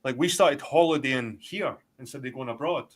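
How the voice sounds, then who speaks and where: A man's voice: mid-range voice, normal speed. Scottish guy on a live stream, blunt, swears a ton, rambles on. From Scotland. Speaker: guest. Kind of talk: casual live-stream chat.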